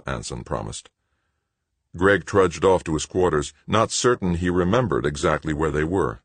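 Deep, husky male audiobook narrator. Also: expressive, moderate pace, no room sound. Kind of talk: scripted narration.

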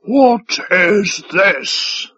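Brief: a man playing a bellowing alien commander, high and husky, slow pompous shouts. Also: muffled recording, full character voice. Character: blustering alien officer, loud and imperious.

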